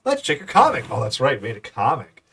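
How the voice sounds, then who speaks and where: A man hosting a let's-play, reading game text aloud in an animated, playful way. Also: medium pitch, fast. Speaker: gaming channel host.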